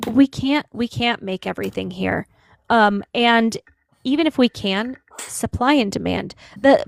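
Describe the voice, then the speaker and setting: Brief: female livestream host, gravelly fry, dry close sound, conversational. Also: medium pitch, dry recording. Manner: conversational, hesitant with fillers. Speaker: livestream host reading news. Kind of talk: casual political commentary.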